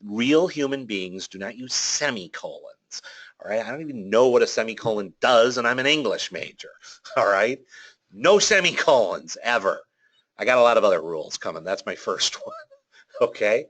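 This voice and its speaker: A man's voice: mid-range voice, moderate pace. A man teaching a webinar on policy writing in a sarcastic, ranting way, peppered with "okay?" and "all right?". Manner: animated, sarcastic and ranting, with playful jabs. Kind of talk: informal webinar lecture.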